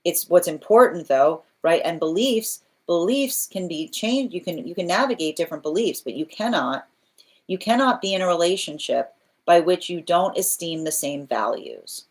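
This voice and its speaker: Woman, low voice, tarot reading, earnest, repeats herself, asks "right?". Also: lively intonation, normal speed, a little mellow. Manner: restarts phrases while thinking aloud. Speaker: tarot reader.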